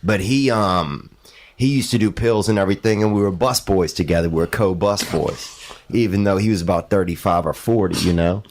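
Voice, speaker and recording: A man's voice: low-pitched, a little fast, slight background noise. A man in his thirties hosting a podcast, telling long rambling stories in slangy casual chat full of "bro" and "dude". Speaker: podcast host. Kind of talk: casual storytelling.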